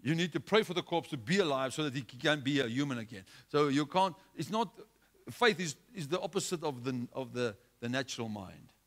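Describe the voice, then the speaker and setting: A man's voice: mid-range voice, lively intonation, fairly quick, fairly bright tone. Male preacher, medium voice, exhorting sermon delivery with repetition.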